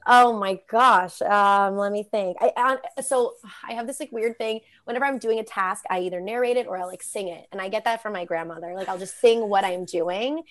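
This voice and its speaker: A woman's voice: medium pitch, normal speed, few pauses, fairly bright tone. A woman in her twenties, a sports arena host from South Florida, chatting as a guest on a podcast and laughing often. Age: 20s. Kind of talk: casual chat.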